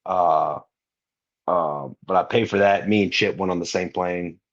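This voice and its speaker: With a deep voice at an unhurried pace, a young wrestler guesting on a podcast tells casual stories, animated and full of slang, acting out what people said. The audio is dull.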